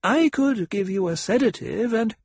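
A man's voice: high voice, animated, normal speed, slightly rough, no room sound, pitched above the performer's own voice, full character voice. A man voicing a reasonable, worried male court doctor who speaks soothingly.

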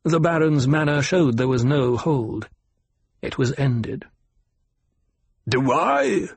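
Slow, husky male audiobook narrator. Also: mid-range voice, darkish tone, no room sound. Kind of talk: scripted narration.

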